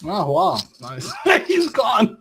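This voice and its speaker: A man's voice: extremely high pitch, huge pitch swings, slow pace, fairly bright tone, slightly rough, rough recording. A man hosting a rowdy web talk show who teases his guests and tries to keep order. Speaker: host. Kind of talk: casual chat hosting.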